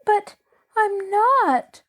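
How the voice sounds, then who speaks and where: A woman's voice: high-pitched, big pitch swings, slow, mellow, pitched above the performer's own voice, heavily acted. Woman doing an earnest little girl. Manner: earnest, pleading.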